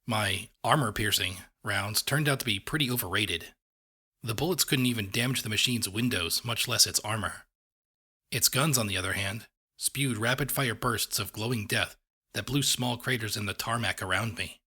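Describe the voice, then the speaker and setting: A man narrating a first-person fan-fiction story in a steady, dry storytelling manner. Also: lowish voice, normal speed, husky. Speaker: audiobook reader.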